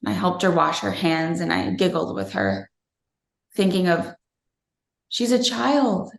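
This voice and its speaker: A woman's voice: fairly low pitch, sing-song, measured pace, creaky. A woman in her thirties, interviewed, earnestly and reflectively telling a personal story from her own family life. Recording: roomy echo.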